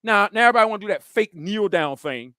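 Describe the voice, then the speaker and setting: A man preaching with a high, lively voice that jumps all over its range. He acts out the scenes he describes with vivid sounds. The sound is dry and close. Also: fast, clean tone, dry recording. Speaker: pastor. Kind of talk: preaching a sermon.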